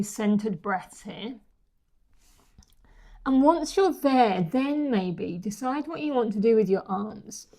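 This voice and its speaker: A woman teaching a yoga class, guiding the poses and breathing slowly and gently. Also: medium pitch. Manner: slow, gentle and soothing. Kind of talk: guided yoga instruction.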